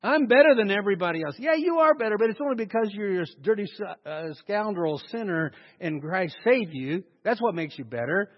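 Lively high-pitched male preacher. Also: moderate pace, few pauses, in a large hall, muffled recording. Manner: animated, sarcastic preacher with mocking asides. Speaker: pastor. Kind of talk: sermon.

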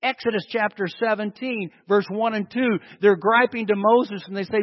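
High-voiced guy preaching, lots of questions at the crowd, long hall echo, dull lo-fi sound. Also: normal speed, hardly any pauses. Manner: animated, full of rhetorical questions. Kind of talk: sermon.

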